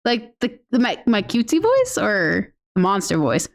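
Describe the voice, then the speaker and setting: A woman's voice: mid-range voice, huge pitch swings, normal speed, creaky. A woman streaming a game in casual commentary, chatty and cursing freely, cooing baby talk at her pets. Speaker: gaming streamer.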